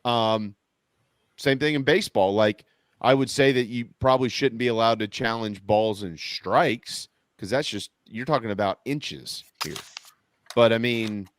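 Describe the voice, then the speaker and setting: A man, co-hosting a casual sports talk show with animated, incredulous rants. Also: medium pitch, measured pace, dry recording, studio quality.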